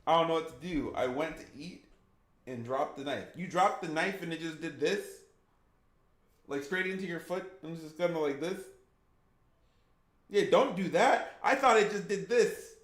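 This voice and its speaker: A man's voice: on the high side, moderate pace, long pauses, a bit bright, echoey room. A man streaming a game, chatting casually with viewers and reacting with laughs.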